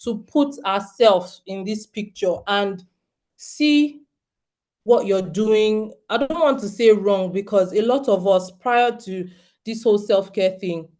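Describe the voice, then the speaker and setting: Speaking slowly at a medium pitch, a Nigerian woman in her thirties addresses homeschooling parents in a slightly mellow voice. Her talk is earnest and direct, and she frequently turns questions back to the audience.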